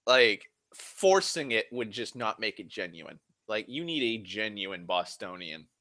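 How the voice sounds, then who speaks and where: A man's voice: lowish voice, sing-song, unhurried, sharp tone, dry recording. A man from Massachusetts rambling casually on a stream, profane and self-mocking, a little tipsy on whiskey. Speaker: livestream host.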